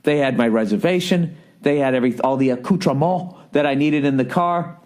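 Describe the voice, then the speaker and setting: A man's voice: mid-range voice, brisk, darkish tone. Guy in his 40s ranting thru a funny story, swearing constantly, exasperated. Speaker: podcast host. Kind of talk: comedic storytelling monologue.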